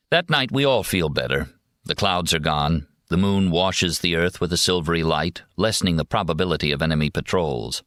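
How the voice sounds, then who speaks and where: A man narrating a war memoir audiobook in a steady, measured first-person reading. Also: sits low, no room sound, clean studio sound.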